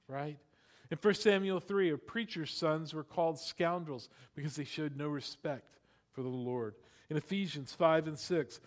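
A middle-aged pastor with a slightly high voice delivers a lively, conversational sermon full of storytelling. He often turns aside to speak directly to the congregation.

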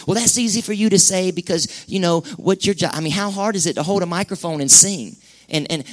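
A man preaching a sermon, conversational and impassioned, swinging from loud bursts down to hushed lines. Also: high voice, a little fast. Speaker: pastor. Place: church sanctuary.

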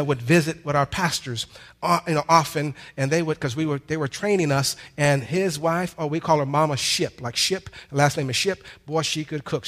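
A male pastor preaching a sermon with call-and-response, drawn-out emphatic lines and casual conversational asides. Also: a little high, fairly bright tone.

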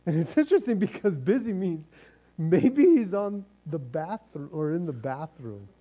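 A male pastor delivering a sermon with a high, mellow voice. He talks in a loose, joking, conversational way, full of asides and restarts. His tone is relaxed rather than bright. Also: normal speed, highs cut off. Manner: casual, joking preacher, conversational asides and repeated starts.

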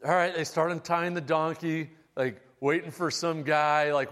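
A man preaching a sermon, telling the story in a casual, animated and humorous way. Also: on the high side, moderate pace. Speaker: pastor. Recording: long hall reverb.

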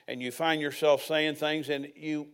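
A man's voice: fairly high pitch, flat delivery, measured pace, a bit bright, smooth. An older man preaching a sermon as pastor, telling personal stories with folksy asides.

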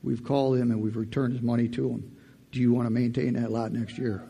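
A man's voice: mid-range voice, fairly quick, creaky, a little mellow, a faint crowd, slight background noise. A man giving a testimony sermon in church, telling a personal story and building to fired-up preaching with call-and-response. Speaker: lay preacher.

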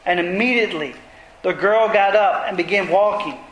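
Male preacher, sermon, earnest, emphatic, bright tense tone, echoing room. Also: sits high, moderate pace, dull audio, a little hiss or hum. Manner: earnest, builds emphasis while retelling scripture. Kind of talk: expository sermon. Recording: roomy echo.

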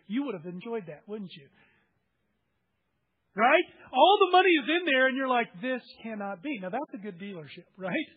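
A man's voice: sits high, breathy edge, phone-quality sound. A man preaching a sermon, reading scripture aloud and explaining it with everyday examples. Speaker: pastor.

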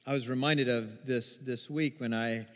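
A man preaching a sermon as pastor, telling stories with animated acted-out voices. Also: mid-range voice, measured pace. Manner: animated storytelling, acts out voices in quotes. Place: church sanctuary. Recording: long hall reverb.

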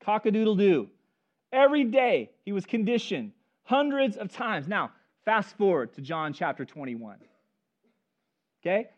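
A man preaching a sermon as pastor, telling stories in an animated, conversational way. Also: high voice, measured pace. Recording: dull lo-fi recording.

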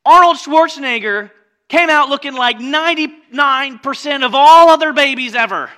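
A pastor delivers a conversational sermon, weaving scripture together with joking asides. His voice sits extremely high and moves at a moderate pace, swinging between loud, lively stretches and quieter moments.

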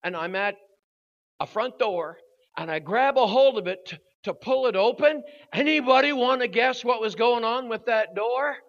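An older man preaching at a youth service, telling a story with growing drama and shouting at its peak. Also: very high-pitched, normal speed. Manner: animated storyteller, voice rising to shouts at the climax. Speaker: guest preacher. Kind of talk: storytelling sermon. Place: church hall at a youth service. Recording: dull lo-fi recording.

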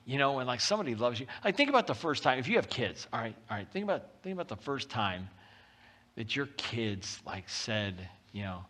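A man preaching a sermon as pastor, talking in a lively, conversational way and reading scripture aloud with rising intensity. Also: medium pitch, fairly quick. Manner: animated and conversational, often acting out quotes.

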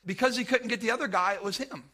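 A man preaching in a church, telling a personal story in an animated way and acting out what was said. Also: high voice, fast talker. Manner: animated, acts out shouted quotes. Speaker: pastor. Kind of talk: sermon storytelling.

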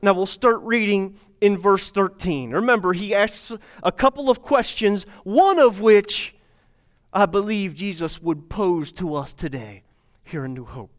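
Preaching a sermon as pastor, a man speaks directly to his congregation, repeating phrases and posing rhetorical questions. His voice is high and animated, delivered at a measured pace.

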